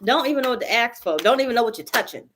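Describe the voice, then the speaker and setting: A woman's voice: on the high side, lively intonation, racing, a little hiss or hum. A woman giving a live tarot reading, blunt and profane, hammering her points by repeating them. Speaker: tarot reader.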